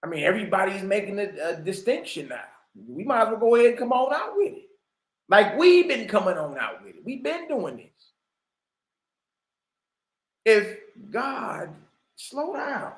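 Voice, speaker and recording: A man with a notably high voice holds forth in slang, hammering home points with rhetorical questions. His casual commentary slides into a preacher's delivery. The sound is roomy and echoing. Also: very animated, moderate pace, long pauses. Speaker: online commentator and religious teacher.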